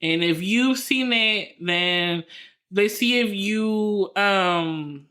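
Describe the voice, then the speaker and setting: A woman's voice: medium pitch, very slow, fairly bright tone. A woman co-hosting a podcast in casual chat, rambling through her story with lots of fillers and restarts. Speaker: podcast co-host.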